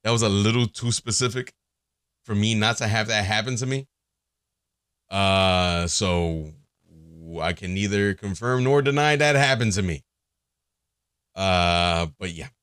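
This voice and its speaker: A man talks alone on his podcast, crude and joking, tumbling from one thought to the next with plenty of fillers. His pitch leaps around animatedly. The sound is dry, with no room echo. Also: expressive, measured pace, long pauses, a bit bright, clear, resonant tone. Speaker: podcast host. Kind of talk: casual solo podcast monologue.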